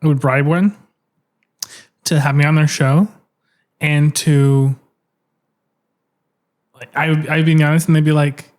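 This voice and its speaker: A man's voice: on the high side, fairly even intonation, unhurried, pauses often, darkish tone. A man co-hosting a comedy podcast, spinning playful, rambling improvised stories. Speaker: podcast co-host.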